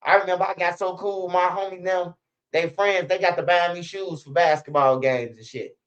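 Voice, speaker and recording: A man's voice: high-pitched, fairly even intonation, a little fast, a bit bright. A young man, telling stories in a rambling, slang-heavy, profane way as a channel host. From Chicago. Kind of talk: casual storytelling commentary.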